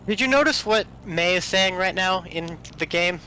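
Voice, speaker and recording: Bright-voiced man, playful gaming chat. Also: high-pitched, normal speed, a little hiss or hum, poor audio. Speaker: podcast host. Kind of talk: casual chat while gaming.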